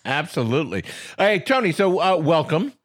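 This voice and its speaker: A man with a high, very lively voice co-hosts a comedy podcast. He jokes and puts on mock outrage, laughing often as he banters with his co-hosts. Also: moderate pace, a little hiss or hum. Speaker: podcast co-host.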